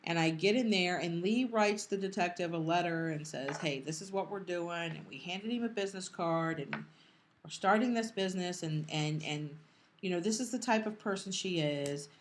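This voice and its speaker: A woman's voice: fairly low pitch, a little hiss or hum. Middle-aged woman telling an emotional story. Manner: emotional, halting with restarts, quoting others. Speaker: podcast co-host. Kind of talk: casual storytelling.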